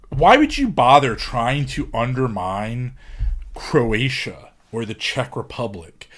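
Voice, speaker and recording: A man giving a casual podcast lecture, hesitant, with many ums and restarts. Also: mid-range voice. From England.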